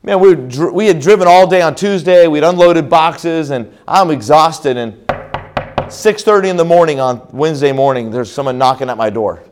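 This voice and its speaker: A middle-aged man preaching a conference sermon, telling a story with repeated restarts and reading scripture slowly. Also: on the high side. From American South. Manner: slow, solemn scripture reading. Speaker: pastor.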